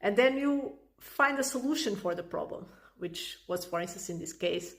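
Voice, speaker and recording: A woman's voice: mid-range voice, expressive, normal speed. A woman parenting coach explaining advice in a casual, chatty way, with frequent "like" and "right?" fillers. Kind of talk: casual explanatory talk to camera.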